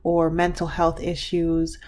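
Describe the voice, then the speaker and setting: A woman's voice: fairly low pitch, monotone, takes it slowly, a little mellow. A woman giving a pick-a-card reading to her viewers, rambling and gushing, with many restarts. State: tearful. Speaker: tarot card reader.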